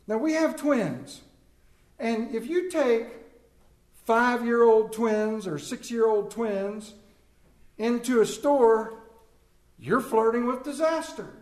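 A man's voice: extremely high pitch, roomy sound. A middle-aged man preaching a humorous sermon to a congregation, telling family stories with jokes and asides. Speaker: pastor. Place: church sanctuary.

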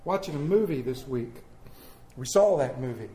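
A middle-aged man preaching a sermon to his church, telling stories in a folksy way with sudden loud bursts. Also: medium pitch, animated, moderate pace, slight background noise. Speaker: pastor. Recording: echoey church room.

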